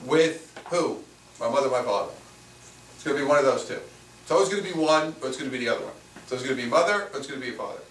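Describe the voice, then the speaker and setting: A man's voice: medium pitch, expressive, very fast, fairly bright tone. A man teaching a workshop to a live audience as a spiritual teacher, repeating his points and asking rhetorical questions. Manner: repetitive, asks rhetorical questions. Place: room with a small live audience. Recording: echoey room, mic far off, faint noise.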